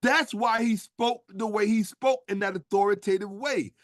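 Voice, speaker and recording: A man's voice: high voice, normal speed, no echo, clean studio sound. A man lecturing in a casual stream, emphatic and profane, firing rhetorical questions at his listeners. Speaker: streamer and history commentator.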